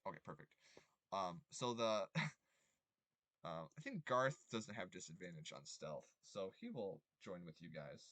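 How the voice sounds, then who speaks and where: A young man running a tabletop game as game master, rambling with many ums and quick apologies. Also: sits low, animated, fairly bright tone, dry recording.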